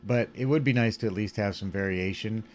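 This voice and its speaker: A man's voice: fairly low pitch, fairly quick, slight background noise. A tired man casually walking through his animation puppet rig with many fillers, yawning now and then. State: sleepy. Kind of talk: casual screen-recorded tutorial.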